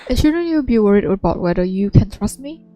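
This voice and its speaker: Woman puts on a sweet, higher-pitched motel maid with a put-on Texas drawl; mellow tone, dry sound, game voice-over. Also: lively intonation, a little fast, dry recording, soft background music, close to an everyday voice. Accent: attempted Texas drawl.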